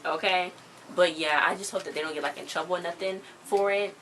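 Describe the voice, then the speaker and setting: A woman's voice: fairly low pitch, brisk, slight background noise, rough recording. A young woman reviewing a TV episode in a casual, slangy, emphatic vlog chat. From US countryside. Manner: chatty, emphatic, slangy, animated.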